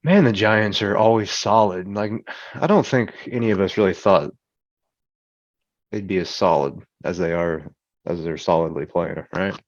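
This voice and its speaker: A very low-voiced man co-hosting a casual sports chat who boasts and trash-talks playfully. The recording is dry and muffled, like a lo-fi podcast mic. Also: normal speed, no echo. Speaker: podcast co-host.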